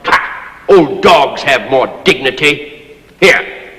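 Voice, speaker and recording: A pompous old master. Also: male voice, mid-range voice, animated, takes it slowly, bright, forceful tone, heavily acted. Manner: grandiloquent, theatrical declamation. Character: pompous, overbearing old man ruling a servant. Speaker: stage actor. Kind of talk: stage play performance. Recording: echoey stage hall recording.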